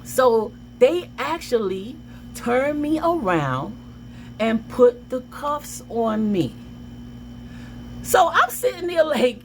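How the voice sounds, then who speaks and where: A woman vlogger telling a personal story in a casual, animated way, with dramatic outbursts. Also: a little high, slight background noise.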